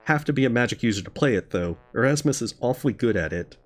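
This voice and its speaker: A man's voice: medium pitch, expressive, quick pace, natural voice. A man reading the lines of a friendly, rambling old male hermit in his own plain voice, with no accent put on.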